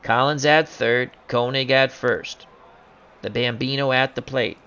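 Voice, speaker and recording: A man doing jokey play-by-play commentary on a simulated baseball game, bursting into loud excitement on big plays. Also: mid-range voice, a little slow, smooth, highs cut off.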